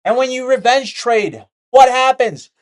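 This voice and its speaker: Here the day trading vlogger sounds high-pitched and animated, yet unhurried. While sketching a chart, he keeps things casual and candid, repeating key ideas and slipping in jokes.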